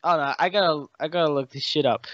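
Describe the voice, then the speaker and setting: A man's voice: fairly high pitch, fast talker, fairly bright tone, dry recording. A young man co-hosting a podcast in casual banter, crude and profane, with jokey outbursts. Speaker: podcast co-host. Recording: dull, lo-fi dry home recording.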